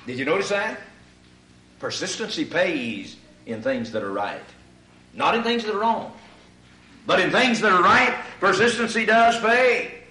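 A man preaching a sermon in a church hall. He addresses the congregation as ladies and gentlemen and swells into shouted emphasis on key points. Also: high voice, lively intonation, normal speed. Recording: echoey hall, far from mic.

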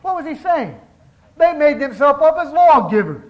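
A man preaching a sermon, reading scripture aloud and stressing key words slowly, calling the congregation brethren. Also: very high-pitched, big pitch swings, highs cut off.

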